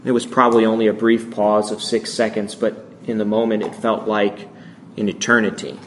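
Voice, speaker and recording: A man in his thirties telling a story in a sermon, speaking in a slow, measured, hushed way with long pauses. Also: on the low side, little pitch movement, slight background noise. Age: 30s. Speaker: speaker addressing a congregation.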